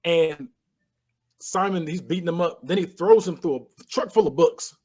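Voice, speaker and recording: A man's voice: a little high, moderate pace, a little mellow, breathy edge. A man co-hosting a podcast, animatedly retelling a film scene by scene with sound effects and laughter. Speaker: podcast co-host. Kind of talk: casual movie recap chat.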